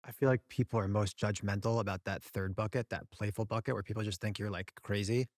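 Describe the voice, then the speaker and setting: Fast-talking low-voiced male host. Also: steady tone, no room sound, studio quality. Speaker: podcast host. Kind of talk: casual interview chat.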